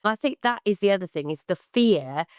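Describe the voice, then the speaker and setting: A middle-aged woman co-hosting a podcast, chatting in an animated way with sudden lifts in pitch. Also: a little fast, clear, resonant tone, dry recording, clean studio sound. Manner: animated, acts out quoted voices with big pitch jumps. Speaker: podcast co-host, artist. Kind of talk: casual podcast chat.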